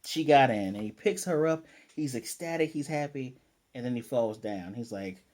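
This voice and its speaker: Mellow-voiced man recapping an anime. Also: mid-range voice, lively intonation. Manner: retells scenes with quick quoted character lines; chatty, with fillers and throat clearing. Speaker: anime reviewer. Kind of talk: casual episode recap and review.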